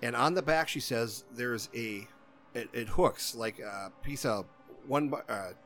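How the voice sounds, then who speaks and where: A man's voice: medium pitch, measured pace, fairly bright tone, faint music behind. Rambling man telling a story. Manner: rambling, repeats "she goes" while quoting others. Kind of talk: casual chat, telling a long story.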